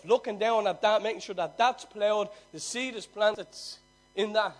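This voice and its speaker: High-voiced man telling a parable. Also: normal speed. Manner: swings from loud emphasis to near-hushed telling. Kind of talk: sermon storytelling.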